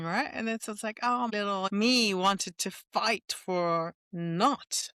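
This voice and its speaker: A woman's voice: medium pitch, slow pace, bright, forceful tone, no room sound. A middle-aged woman guest in a casual podcast conversation, telling stories animatedly and laughing often between phrases.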